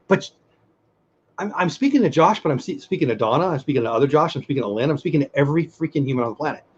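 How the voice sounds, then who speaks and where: A man's voice: a little high, slightly rough, highs cut off. A middle-aged man co-hosting a casual livestream chat, earnest and rambling as he reads the chat aloud. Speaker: podcast co-host.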